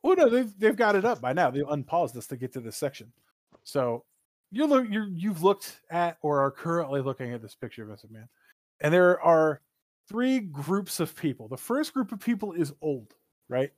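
A man co-hosting a casual gaming podcast, talking in an animated, profane, rambling way with sudden jumps in pitch. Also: normal speed, no room sound. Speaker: podcast co-host.

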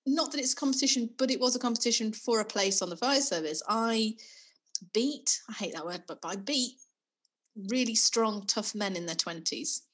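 Bright husky-voiced middle-aged woman. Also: on the high side, normal speed. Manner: self-deprecating, laughs often. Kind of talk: casual chat.

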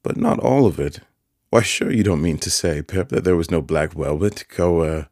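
A man voicing a kindly, simple-spoken village blacksmith in an audiobook, with earnest, gentle country speech. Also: a bass voice, normal speed, no room sound, studio quality. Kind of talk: audiobook character voice.

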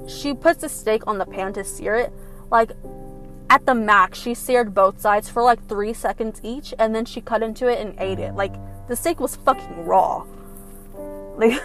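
A young woman casually retelling a film plot, animated and profane, with lots of fillers. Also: a little high. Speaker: film recapper. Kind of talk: casual storytelling recap.

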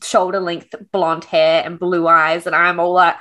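A woman's voice: lowish voice, flat delivery, unhurried, bright, forceful tone. A woman co-hosting a podcast, chatting casually about a book, laughing often and swearing freely. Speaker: podcast co-host.

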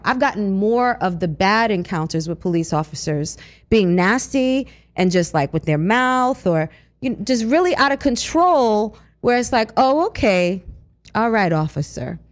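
A woman co-hosting a radio talk show, chatting casually and telling animated stories with frequent laughs. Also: mid-range voice, a little slow. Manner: animated, storytelling, laughs often. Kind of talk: casual chat.

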